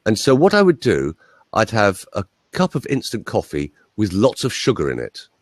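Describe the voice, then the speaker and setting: A man with a standard Southern English accent and a fairly low voice that rises and falls a great deal. He tells stories with energy and slips into other people's voices. The sound is dry and close. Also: moderate pace, no echo. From Ireland. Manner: animated storyteller, mimics voices. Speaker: voice coach. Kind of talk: interview, anecdotal chat.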